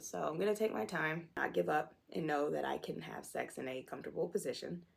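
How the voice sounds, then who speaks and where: Low, gravelly-voiced young woman vlogging candidly. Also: a little fast. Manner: candid, self-deprecating, candid storytelling. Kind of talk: personal storytelling vlog.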